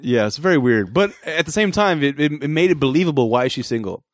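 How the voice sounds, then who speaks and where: A man co-hosting a laid-back podcast movie review. He talks in an easy, halting way with plenty of fillers. The recording is dry and close. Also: fairly high pitch, dry recording. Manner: relaxed, hesitant, filler-heavy. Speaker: podcast co-host. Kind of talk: casual movie review chat.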